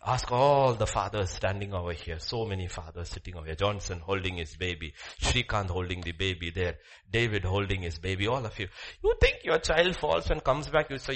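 A man preaching a sermon in a church, swinging between soft asides and loud, animated emphasis. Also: deep voice, normal speed. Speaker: pastor.

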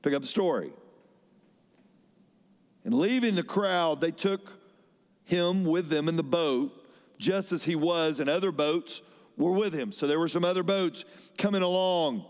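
High-voiced preacher in a reverberant hall. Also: male voice, a little slow, long pauses. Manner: dynamic, swings between loud emphasis and soft drops. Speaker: pastor. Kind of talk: sermon.

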